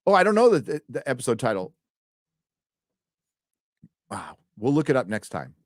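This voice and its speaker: A man's voice: medium pitch, big pitch swings, moderate pace, no room sound. Male live-stream host, casual and profane, trips over his words; dry close recording. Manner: loose and chatty, swears freely, often stumbles over words. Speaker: host reading donations.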